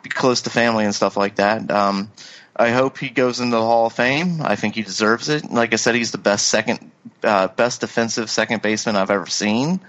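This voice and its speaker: A man with a lowish voice talks in a casual, halting way, stumbling over restarts and fillers as he goes. The recording sounds dull and lo-fi. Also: steady tone, fairly bright tone. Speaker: podcast co-host. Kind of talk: casual chat.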